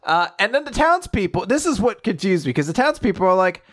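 A man's voice: high voice, sing-song, brisk, no room sound, studio quality. Rambling man recapping a story. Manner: rambling, acts out quotes, frequent fillers and swearing. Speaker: podcast co-host. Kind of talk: casual chat, recapping a story.

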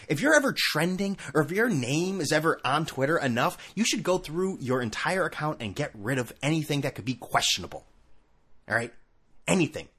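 A man's voice: a little high, a bit bright, breathy edge. A man hosting a sports talk show, ranting sarcastically in a casual monologue full of asides. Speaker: sports podcast host.

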